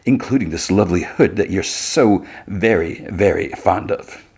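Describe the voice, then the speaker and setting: A man's voice: low voice, moderate pace, a little mellow, husky. A man doing a mocking demon dealmaker. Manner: condescending, sneering.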